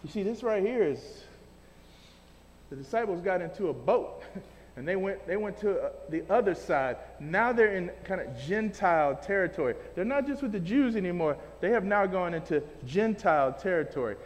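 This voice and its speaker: A man preaching a sermon in a casual, animated way, using everyday slang as he explains scripture. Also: sits high, normal speed, big-room sound.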